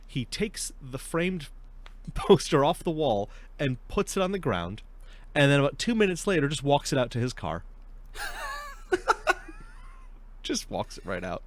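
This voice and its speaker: A man's voice: mid-range voice, wildly swooping pitch, unhurried, pauses often. A young man hosting a casual podcast, telling stories in a chatty way and laughing often. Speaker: podcast host.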